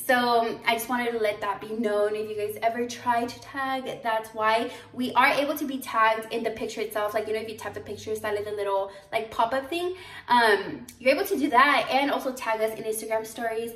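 A young boutique owner talks to her vlog camera inside her store, telling animated stories full of fillers. Her voice is a little high and a little fast, captured off-mic from a distance in an echoey room.

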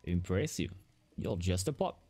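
A man's voice: low-pitched, lively intonation, measured pace, warm tone, soft background music. A man voicing a laid-back young male construction worker with a put-on Australian accent that drifts southern, drawling and easygoing.

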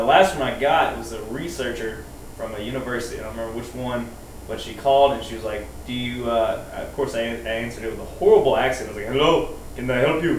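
A young man, a comedian guest, telling casual comedic stories in a laid-back, rambling way full of fillers. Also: medium pitch. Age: young adult. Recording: distant roomy mic with faint noise.

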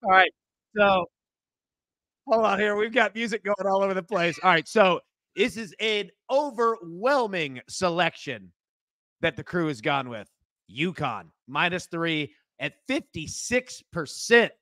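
A man's voice: high-pitched, lively intonation, measured pace, pushed and bright, no room sound, studio quality. A man co-hosting a live sports betting show, upbeat as he explains picks and announces new content. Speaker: co-host.

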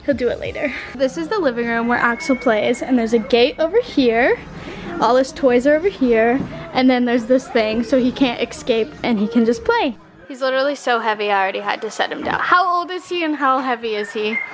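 A woman's voice: fairly high pitch, a little fast. A young woman vlogging casually, bubbly and giggly, slipping into a sing-song voice for a baby and getting out of breath. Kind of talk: casual vlog narration.

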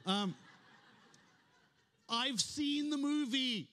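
A man with a high-pitched voice preaches in a church, speaking to the congregation with a conversational, storytelling manner and playful humor. His voice carries a long reverb from the sanctuary. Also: lively intonation, normal speed, fairly bright tone. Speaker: pastor. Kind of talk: sermon.

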